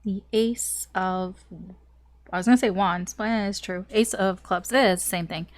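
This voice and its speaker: A young woman gives a casual tarot reading in a medium-pitched, steady, unhurried voice. She's chatty and rambling, saying "like" a lot and laughing softly, and she gets a little choked up with a cough.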